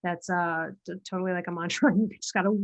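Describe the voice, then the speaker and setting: A woman podcast host speaking in an animated, candid way, swearing now and then for emphasis. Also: lowish voice, quick pace. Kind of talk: podcast conversation. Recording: dull lo-fi sound.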